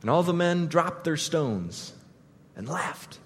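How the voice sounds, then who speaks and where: Male pastor, high voice, dramatic storytelling sermon, echoey hall. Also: animated, slow pace, breathy edge. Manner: vivid, dramatic storytelling that swings from loud to hushed.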